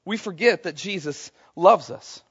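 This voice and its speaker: High-voiced male pastor preaching. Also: animated, unhurried, a bit bright, husky, highs cut off. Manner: conversational, calls for audience response. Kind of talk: sermon. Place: church service before a congregation.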